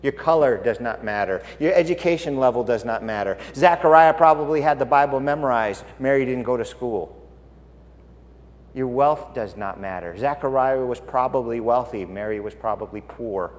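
A man preaching a sermon, animated and swinging between loud and hushed. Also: medium pitch, moderate pace, big-room sound.

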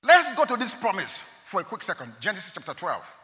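Animated male preacher in a big reverberant hall. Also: sits high, fairly quick. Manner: animated preaching with sudden loud rises and quiet drops. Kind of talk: sermon.

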